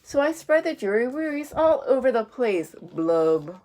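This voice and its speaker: A woman reading as a gloomy pouting fish in a storybook, mopey and sing-song. The voice dips lower on the drawn-out sounds and stays slow and glum. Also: big pitch swings, a little mellow. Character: gloomy male fish who pouts.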